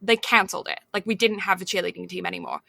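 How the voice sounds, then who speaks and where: A woman's voice: fairly low pitch, fairly even intonation, fast talker, vocal fry, sharp tone, no echo. A woman co-hosting a podcast, chatting casually and rambling with plenty of filler words. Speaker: podcast co-host. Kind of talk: casual chat.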